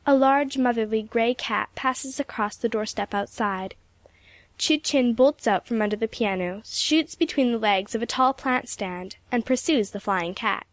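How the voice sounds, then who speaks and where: A woman reading a novel aloud as narrator, in a measured, plain manner. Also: fairly high pitch, no echo. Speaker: audiobook narrator.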